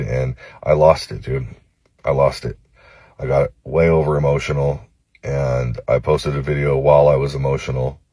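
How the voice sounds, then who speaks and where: A man from Los Angeles recording a phone-camera apology video, halting and cursing, with many pauses and fillers. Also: rumbling low, mellow, no echo. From Los Angeles, United States. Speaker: vlogger.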